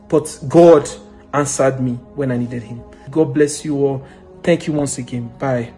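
A man giving an earnest, emotional spoken testimony, now and then bursting into loud praise. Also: fairly high pitch, a little slow, soft background music. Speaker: testimony giver.

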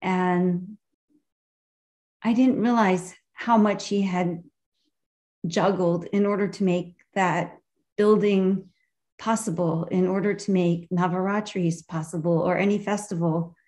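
Woman sharing a halting, heartfelt memory. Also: on the low side, steady tone, a little mellow. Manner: halting, searching for words. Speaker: speaker at a memorial gathering. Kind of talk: heartfelt personal remembrance.

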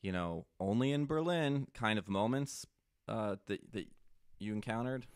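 A man hosting a casual interview, an animated storyteller who laughs often. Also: fairly low pitch, unhurried, smooth, dry recording, studio quality. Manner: animated storyteller, laughs often, mimics himself speaking German. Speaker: podcast host interviewing guests.

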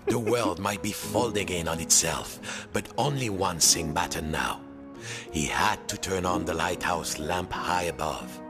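A man's voice: low voice, measured pace. A man narrating a storybook game tale in a playful, theatrical way, with French exclamations. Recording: game audio with music behind.

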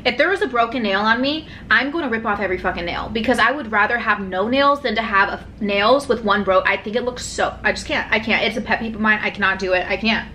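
Bright, chatty woman vlogger. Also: medium pitch, slight background noise. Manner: chatty, animated, heavy swearing, lots of fillers. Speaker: mukbang vlogger. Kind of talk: casual storytelling vlog. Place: hotel room.

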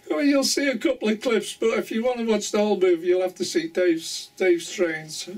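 A man's voice: sits high, flat delivery, normal speed, distant mic. An older man chatting casually to camera about his model railway, rambling and chuckling often.

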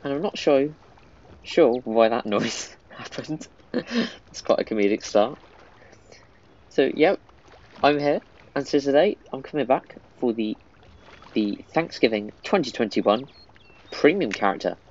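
A man's voice: medium pitch, lively intonation, measured pace, pauses often, darkish tone, dull audio. A man giving casual, easily amused commentary while playing a mobile game.

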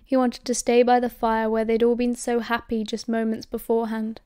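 A woman with a British accent reading audiobook narration at a steady, measured pace. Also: on the high side, clean tone, dry recording, studio quality. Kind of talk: scripted narration.

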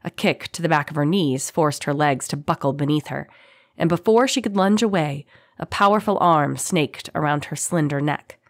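A woman reads a fantasy audiobook aloud. Her voice sits low, and her reading is dramatic and expressive. The sound is dry and close. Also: normal speed, no echo. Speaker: audiobook narrator. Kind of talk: scripted fantasy narration.

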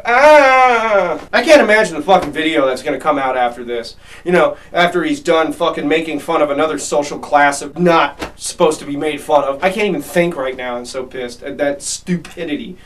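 A man's voice: a little high, distant mic, slight background noise. A man ranting furiously and profanely into his video at people who threatened someone. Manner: furious, profane, fast shifts of loudness. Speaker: video creator. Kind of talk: angry vlog rant.

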